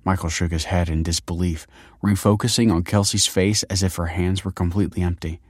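A man reading a novel aloud as narrator, in a measured and steady way. His voice is very deep. The recording is dry and close, with no room sound. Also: slightly rough, no echo. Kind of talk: scripted audiobook narration.

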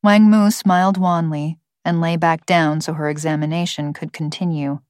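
Low-voiced woman narrating a story. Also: fairly even intonation, normal speed, a little mellow, dry recording, studio quality. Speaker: audiobook narrator. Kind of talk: scripted narration.

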